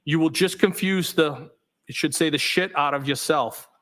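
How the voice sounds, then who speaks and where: A man testifying as a trial witness, reading text messages aloud in a steady, matter-of-fact way, saying the punctuation out loud. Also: on the high side, normal speed. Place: courtroom.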